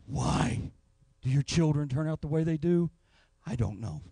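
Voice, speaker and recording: A man's voice: a little high, lively intonation, brisk, dry recording. A man preaching a sermon in a church, telling a personal story. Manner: storytelling, rising to anguished shouts. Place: church sanctuary.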